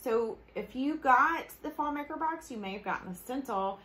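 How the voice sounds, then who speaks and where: A woman's voice: sits high, expressive, normal speed, pushed and bright. Bubbly Southern woman hosting a craft demo. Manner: bubbly, chatty, laughs often. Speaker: host. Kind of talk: casual live craft demo. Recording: echoey room with faint ambience.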